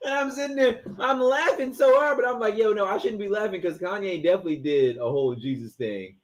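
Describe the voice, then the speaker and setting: A man co-hosting a casual podcast, retelling stories with animated, profane, dramatic flair. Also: sits high, quick pace. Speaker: podcast co-host. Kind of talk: casual sports and culture chat.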